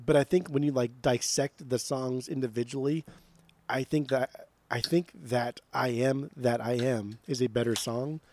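A man's voice: mid-range voice, fairly even intonation, unhurried, a little mellow, no echo. Stammering, enthusiastic male podcast co-host. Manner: enthusiastic, stammering restarts, swears. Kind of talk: casual chat.

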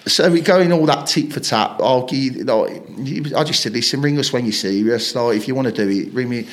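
Man, podcast guest, rambling footballer stories, mid pitch. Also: brisk. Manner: rambling anecdotes, frequent swearing, acts out quoted lines. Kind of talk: casual storytelling interview.

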